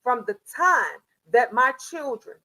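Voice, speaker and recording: High-voiced older woman scolding on a livestream. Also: unhurried, low-quality recording. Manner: animated, scolding, slangy storytelling. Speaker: live-stream host. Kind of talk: live-stream chat with viewers.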